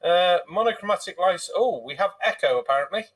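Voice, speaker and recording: A man's voice: high voice, expressive, a little fast, a bit bright, distant mic. A man hosting a casual live stream, chatty and jokey, swearing freely, a few pints in. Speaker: streamer host.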